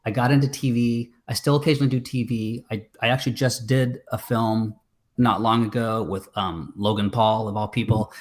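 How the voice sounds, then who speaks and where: A man's voice: mid-range voice, steady tone, normal speed. A man, a filmmaker guest, chatting casually on a video call, rambling with many fillers and restarts. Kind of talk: casual interview chat.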